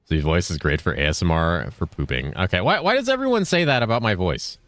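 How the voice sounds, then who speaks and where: A man streaming games and chatting casually with his viewers, with dry, fairly monotone banter. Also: deep voice, fast talker, no room sound. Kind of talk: casual chat while gaming.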